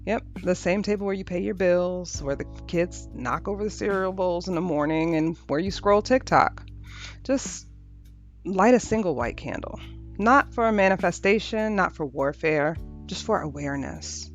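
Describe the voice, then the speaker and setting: A woman hosting a podcast, talking through a reflective spiritual monologue in a gentle, unhurried way, repeating phrases for rhythm. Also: lowish voice, animated. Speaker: podcast host. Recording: dull lo-fi audio with faint music.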